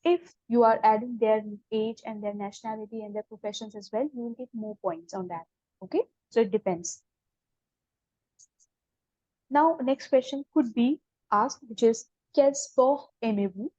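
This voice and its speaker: Patiently quizzing her beginner students, a woman with an Indian English accent runs an online French class, explaining things slowly and fixing mistakes. She has a slightly high, dark-toned voice, captured in a dry, lo-fi recording.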